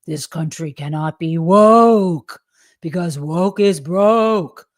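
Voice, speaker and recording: A woman putting on a mocking, slow and pompous voice of a dim man reading out a post. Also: fairly low pitch, no room sound, studio quality.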